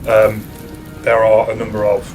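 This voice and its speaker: A British man narrating as dungeon master in a casual, halting way, with frequent restarts and fillers. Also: lowish voice, monotone, a little mellow, faint music behind. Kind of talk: narrating a tabletop game.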